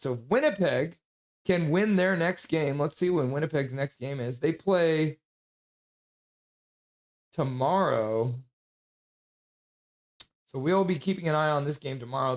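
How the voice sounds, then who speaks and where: A man hosting a hockey live stream, chatting casually and reading viewer comments aloud with frequent laughs. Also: fairly high pitch. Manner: chatty, reads chat messages aloud and laughs often.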